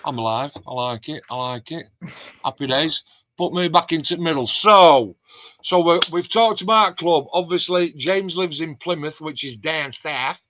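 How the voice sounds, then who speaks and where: A man's voice: a little high, moderate pace, fairly bright tone. A man hosting a casual live stream, chatting and reading out viewer comments. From England. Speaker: host of a model-building live stream.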